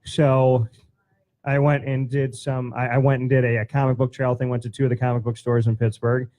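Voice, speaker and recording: A chatty male host with a mellow voice who tells animated, rambling stories. He keeps the interview loose and conversational. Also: medium pitch, brisk. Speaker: show host. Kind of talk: casual interview chat.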